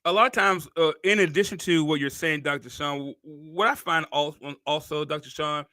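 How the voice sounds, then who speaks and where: Bright, high-voiced preacherly male host. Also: dry recording, clean studio sound. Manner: drawn-out, preacherly, repeats phrases for emphasis. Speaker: podcast host. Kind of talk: casual interview talk.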